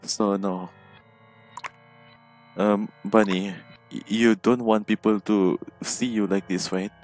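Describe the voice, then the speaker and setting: With faint music behind him, a man speaks slowly in a fairly low, somewhat dark, fairly even voice. He provides casual commentary on a game he's playing alone at home, via headset mic, jumpy and nervous with frequent startled exclamations.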